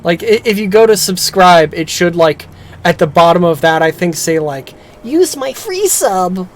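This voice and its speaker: A woman streaming a game, chatting casually and getting excited as she plays. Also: on the low side, normal speed.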